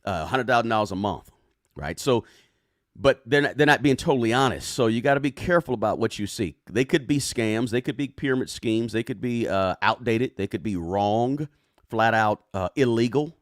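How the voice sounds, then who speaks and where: Here a man of medium pitch talks at a moderate pace in a studio-quality recording free of room sound. As host of a personal finance livestream, he chats casually, reads viewer comments aloud, and often tags on "right?"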